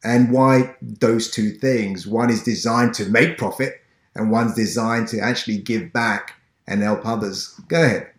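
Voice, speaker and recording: A man's voice: lowish voice, steady tone, a little slow, reverberant. A man from Ghana hosting an interview podcast, talking in an earnest, encouraging way. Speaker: podcast host.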